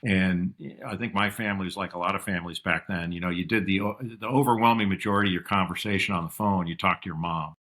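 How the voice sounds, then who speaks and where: A middle-aged man telling stories as a podcast guest, reflective, and lively when he quotes his father. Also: sits low, fast talker, few pauses. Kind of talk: casual interview storytelling.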